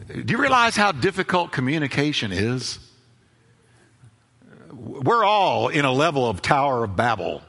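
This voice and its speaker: A man's voice: medium pitch, sing-song, unhurried, creaky, long pauses, bright, forceful tone, long reverb tail. A man preaching a sermon as pastor, emphatic, repeating key phrases and acting out both sides of conversations.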